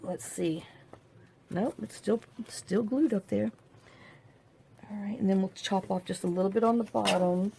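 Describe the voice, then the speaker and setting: A woman's voice: mid-range voice, a little slow, vocal fry, pauses often, background noise. A middle-aged woman hosting a crafting video, rambling and chatting to herself as she works. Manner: rambling, talks to herself while working. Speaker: crafting channel host. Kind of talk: casual crafting tutorial chat.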